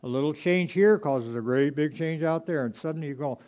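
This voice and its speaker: A man preaching a sermon to his congregation, moving between loud emphatic passages and quiet, hushed asides. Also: mid-range voice, fast, hardly any pauses. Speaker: pastor.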